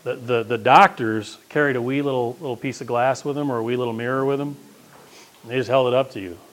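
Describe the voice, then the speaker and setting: A man preaching a sermon in a folksy, conversational way, often swinging between loud emphasis and quiet asides. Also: fairly even intonation, quick pace. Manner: conversational, folksy, with wide swings of pitch and loudness.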